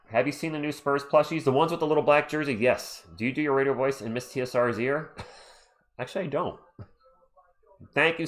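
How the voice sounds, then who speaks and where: A man hosting a casual livestream, calling a basketball game play by play and reading chat aloud into a desktop microphone at home. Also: on the high side. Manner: chatty, excitable, reads chat aloud. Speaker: livestream host. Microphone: USB desktop microphone.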